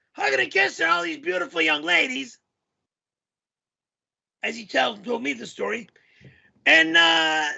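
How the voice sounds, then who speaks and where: Kenny Rigatoni, high gravelly yeller. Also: male voice, highs cut off, exaggerated voice. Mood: storytelling. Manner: rambling storytelling with frequent shouting and swearing. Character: loud yelling middle-aged man character. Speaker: show host.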